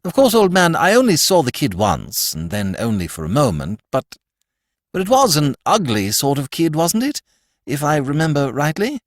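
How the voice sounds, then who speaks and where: A cheerful, breezy young gentleman from a storybook reading, chatty and upbeat, his voice leaping up and down, played by a male narrator. The recording is close and dry. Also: on the high side, huge pitch swings, normal speed, no room sound, voice pushed up. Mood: tactful.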